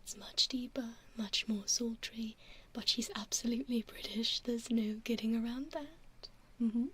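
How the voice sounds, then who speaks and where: A woman ASMR streamer talking softly with viewers in a gentle whisper, giggly and warm with thanks. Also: a little high, steady tone, a little slow, a little hiss or hum. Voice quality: soft whispering.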